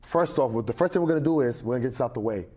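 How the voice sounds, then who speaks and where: Husky-voiced man telling a story. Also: medium pitch, racing. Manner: animated, acts out quoted voices. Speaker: podcast guest. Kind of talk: storytelling in casual chat.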